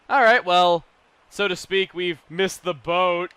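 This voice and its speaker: A young man commentating a video game playthrough, cracking puns, mocking himself and bursting into excited shouts. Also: high-pitched, takes it slowly, clean tone, no room sound. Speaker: let's play commentator.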